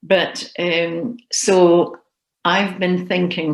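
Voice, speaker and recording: Slow, earnest woman sharing testimony. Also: sits low, echoey room, rough recording. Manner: earnest, reflective, emotional. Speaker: Christian speaker. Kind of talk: personal testimony sermon.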